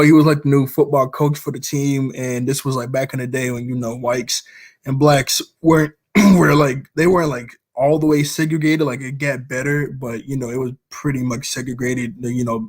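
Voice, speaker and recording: A man chatting casually about movies he likes, rambling along, often chuckling as he retells scenes. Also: mid-range voice. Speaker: vlogger.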